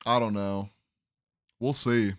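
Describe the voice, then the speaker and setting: Smooth-voiced young man calling game picks. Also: on the low side, fairly even intonation, slow, a bit bright, dry recording, clean studio sound. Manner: thinks aloud, second-guesses his picks. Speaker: sports podcast host. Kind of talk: casual sports prediction talk.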